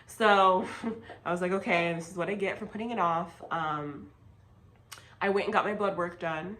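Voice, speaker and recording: A woman's voice: on the low side, moderate pace, a bit bright, a little hiss or hum, low-quality recording. A young woman vlogger telling a personal story in a casual, chatty way, with lots of fillers and emphatic asides.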